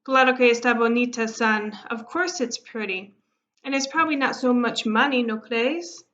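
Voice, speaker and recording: Storybook grandfather, older man, coaxing and hopeful, woman reader; higher voice, dull lo-fi sound. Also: normal speed, bright, forceful tone. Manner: coaxing, slips in Spanish phrases. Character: elderly Mexican-American grandfather, hopeful and pleading. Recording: muffled lo-fi recording.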